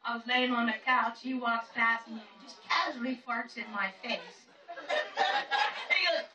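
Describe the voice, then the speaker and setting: A woman's voice: fairly high pitch, a little slow, bright, forceful tone, recorded from a distance. A woman telling comic stories on stage, acting out her relatives in put-on voices, with audience laughter. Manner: shifts voice to act out her nephews and friend. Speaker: stand-up comedian. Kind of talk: stand-up comedy storytelling. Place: comedy club stage. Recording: echoey club heard from afar, crowd.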